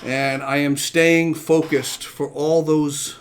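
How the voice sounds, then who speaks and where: A man's voice: on the high side, little pitch movement, takes it slowly, slight background noise. A man hosting his own live show from home, chatting casually and upbeat, a little out of breath, repeating himself as he goes. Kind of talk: casual live-stream chat.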